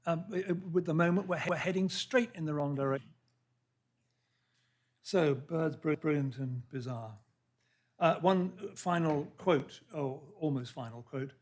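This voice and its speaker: A man speaks to an audience at a public lecture, with a husky, slightly breathy voice pitched a little above the usual for a man. He is earnest and halting, breaks off mid-word and starts again, and reads out quotations. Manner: earnest, halting, with restarts and read-out quotes. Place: lecture hall.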